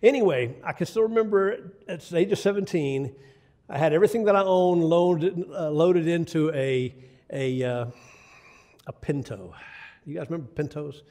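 A man's voice: fairly high pitch, normal speed, mellow. An older man preaching a sermon, telling folksy stories with asides to the congregation. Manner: folksy storytelling with asides to the audience.

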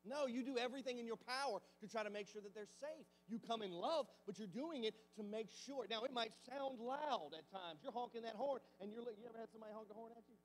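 High-voiced preacher in a reverberant church. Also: male voice, fast, few pauses, a little hiss or hum. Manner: conversational preaching with rhetorical questions. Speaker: pastor. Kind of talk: sermon. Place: church sanctuary.

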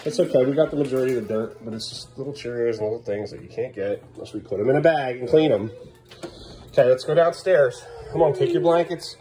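Talking fast in a dark tone, a thirtysomething dad vlogs casually from indoors at the family home. He's upbeat while coaxing his young children, then drops to low, tired asides meant for the camera.

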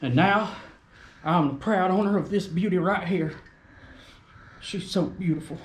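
A man's voice: high-pitched, a little slow, echoey room. A man hosting an RC truck video, telling a rambling, folksy, crude comedic story in a put-on rural persona. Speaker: RC hobby video host. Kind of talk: comedic rural character monologue.

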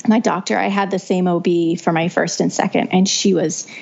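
A young woman with a lowish, gravelly voice recounts her birth story as a podcast guest. She talks in a chatty way, restarting her phrases and leaning on "you know." The audio is dull and lo-fi. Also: steady tone, moderate pace, a little mellow. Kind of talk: casual storytelling.

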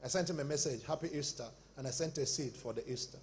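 A man preaching a sermon as pastor, swinging between loud shouted bursts and quieter, slower passages. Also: mid-range voice, slight background noise.

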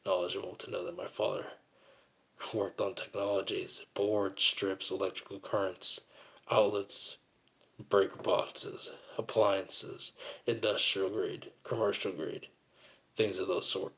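A man with a very low, gravelly voice talks through his own memories. He rambles and circles back on his words, reflective and repetitive, as in a personal monologue. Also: little pitch movement, a little slow, fairly bright tone.

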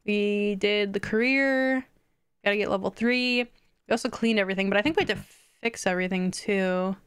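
A woman's voice: medium pitch, normal speed, clean tone, dry recording. A young woman live-streaming a video game, chatting and giggling as she reacts to what happens on screen. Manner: excited squeals at wins.

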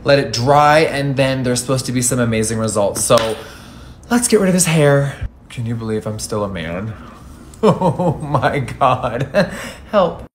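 A sassy man in his thirties chats through a makeup review, camp and full of swearing. His voice sits at a middling pitch but swings widely as he reacts. A faint hum of noise sits under his voice. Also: unhurried. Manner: campy, sassy and profane, lively exclamations. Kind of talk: casual makeup review vlog.

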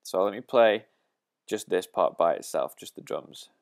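A man's voice: low voice, lively intonation, moderate pace, vocal fry, very noisy. A man teaching a drum lesson, explaining a pattern step by step and counting the beats aloud.

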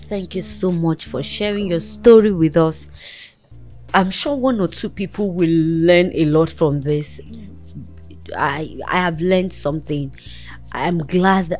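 A woman with a low voice hosts a talk show. She counsels a young guest in an earnest, motherly way and preaches encouragement. Soft music plays faintly under her. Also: measured pace.

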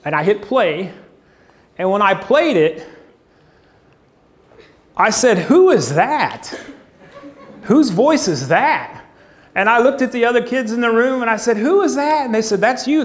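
Animated high-voiced male preacher. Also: normal speed, pauses often. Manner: animated, conversational, acts out quoted voices. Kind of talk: sermon.

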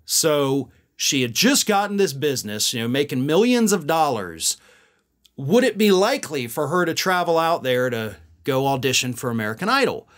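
A man's voice: a little high, big pitch swings, normal speed, fairly bright tone. A man hosting a political commentary show, talking casually to viewers with musing asides.

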